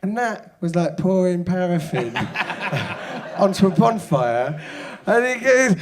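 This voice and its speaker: A comedian guest telling a funny story in casual chat, often breaking into shouts and laughter as he acts out the people in it. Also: high-pitched, slow pace, crowd noise. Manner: lively storytelling, shouting out quoted hecklers, laughing. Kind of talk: casual anecdote. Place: stage before a live audience.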